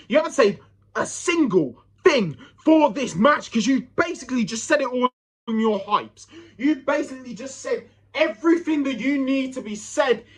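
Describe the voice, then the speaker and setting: A man's voice: very high-pitched, husky. A British man cutting a mocking wrestling promo, sneering at rivals and mimicking them with quacking sounds. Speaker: fan wrestling promo performer. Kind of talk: wrestling trash-talk promo.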